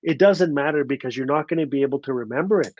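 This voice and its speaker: A man's voice: medium pitch, quick pace, a little mellow, dry recording, lo-fi sound, natural voice. A man voicing a sly, teasing middle-aged woman potter in a story he tells, with a playful, withholding manner.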